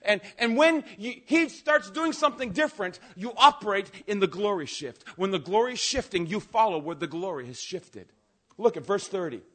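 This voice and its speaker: A man preaching a sermon, telling stories with energy and swinging between quiet asides and loud outbursts. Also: high voice, normal speed. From Canada. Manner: animated storytelling, swings from soft to shouting.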